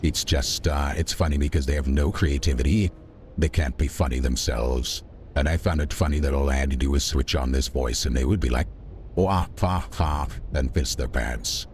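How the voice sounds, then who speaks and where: A man's voice: very deep voice, fairly even intonation, fairly quick, darkish tone, slight background noise. A man streaming a video game, rambling in a chatty way and talking back to his chat. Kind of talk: livestream gameplay commentary.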